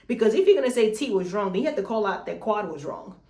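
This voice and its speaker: Lively woman recapping, echoey room. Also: medium pitch, quick pace. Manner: animated, swears freely, retells scenes with dialogue. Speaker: recap host. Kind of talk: casual reality-TV recap.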